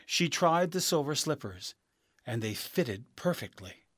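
A man reading a children's storybook aloud as narrator, slow, clear and expressive. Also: a little high, no echo, studio quality.

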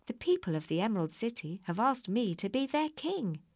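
A shy, gentle scarecrow, as a woman reads him. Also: a little high, very animated, brisk, no room sound, voice pushed up.

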